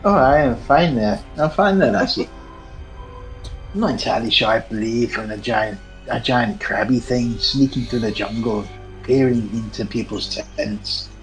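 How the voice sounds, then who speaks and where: A man voicing Zibby, a gravelly-voiced adventurer with a dry, teasing wit, speaks in a tabletop role-play at an ordinary middle pitch. Faint music plays behind him. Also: moderate pace, natural voice, low-quality recording. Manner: dry, teasing humor, skeptical. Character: wry, joking male adventurer named Zibby.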